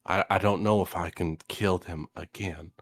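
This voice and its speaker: A man voicing a grieving adventurer in a tabletop role-play, halting and stammering with emotion. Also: sits low, steady tone, fairly bright tone. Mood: anguished. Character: grieving adventurer torn over undead friends.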